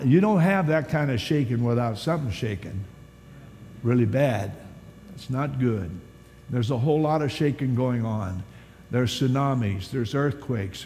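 Animated preacher man in a reverberant hall. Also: medium pitch. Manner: animated storytelling preacher, swings from loud to hushed. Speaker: pastor. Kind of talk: sermon. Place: large church hall at a conference. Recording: long hall reverb, faint background hiss.

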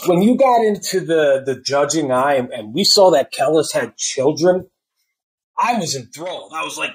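A man giving a casual, spoiler-filled book review, excitable and slangy, swearing freely and acting out his own reactions. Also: a little high, normal speed, low-quality recording.

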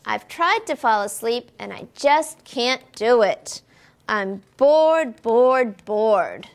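Cranky whiny bear who can't sleep, a lady reading it out, kinda high for a bear, swoops around. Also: very animated, slow, gravelly, heavily acted. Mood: grumpy. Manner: whiny, complaining. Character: sleepless grumpy male bear.

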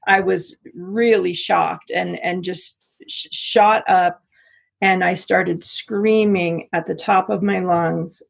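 A middle-aged American woman telling a personal story in an interview, halting with frequent restarts. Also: lowish voice, fairly even intonation, creaky, husky. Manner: halting, many restarts and repeats. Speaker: interview guest.

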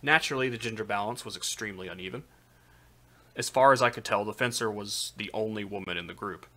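Brief: man, lowish bright voice, live-stream novel reader, steady narration. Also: fast talker. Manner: steady narration with occasional slips. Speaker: streamer reading aloud. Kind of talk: live reading of a light novel.

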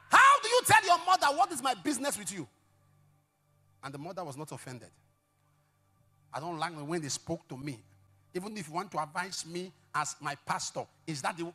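A middle-aged male pastor preaching a sermon, telling stories dramatically with sudden shouts and hushed asides. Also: on the high side. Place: church service.

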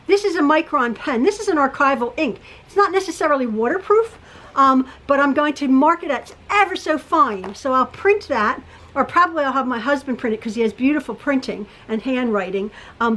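A woman's voice: high-pitched, animated, normal speed, a bit bright, low-quality recording. A woman teaching quilting in a casual, rambling tutorial from her home sewing room, with frequent restarts and fillers.

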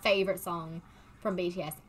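A young woman, chatting casually as she reads quiz questions aloud, gushing and excitable, sometimes humming bits of songs. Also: fairly low pitch, fairly quick, slight background noise. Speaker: vlogger doing online quizzes.

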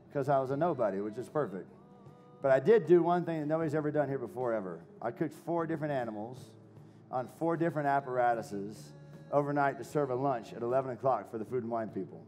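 A man's voice: mid-range voice, darkish tone. A man giving a live cooking demo to a crowd, brash and joking, swearing freely and hyping people up.

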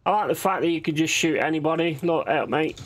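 A man hosts his own gaming channel, chatting casually as he plays, laughing easily and swearing freely throughout. His voice is a little high and fast.

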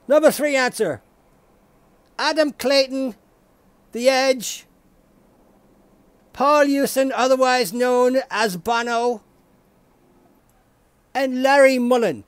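A man playing a mock game show host in a solo comedy sketch, with excitable patter and his own mouthed ding sounds. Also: very high voice, a little slow, clear, resonant tone, no echo.

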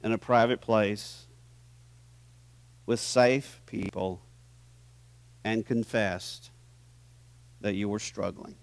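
A man preaching a sermon as pastor in a church, animated and teasing his congregation, swinging from hushed to loud. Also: lowish voice, slow, vocal fry, pauses often, no room sound. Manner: playful, teases the audience.

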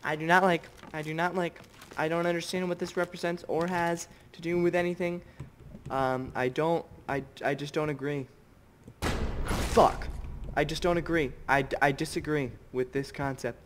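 A man's voice: fairly high pitch, steady tone, normal speed, a little hiss or hum. A young man commentating a horror game playthrough, who swears constantly, gets startled easily and drops to whispers when scared. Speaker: gamer. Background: game music.

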